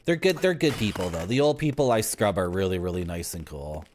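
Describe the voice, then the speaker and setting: A young man streaming a video game live, rambling through deadpan absurd tangents as he plays. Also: low voice, fairly quick, slight background noise. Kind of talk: live gameplay commentary.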